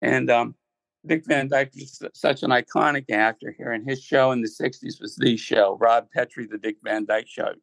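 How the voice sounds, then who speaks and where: A man's voice: medium pitch, steady tone, normal speed, vocal fry, fairly bright tone, dry recording, low-quality recording. An older man from Ohio, a musician guest, telling rambling anecdotes in a casual interview, repeating words as he goes. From Ohio, United States.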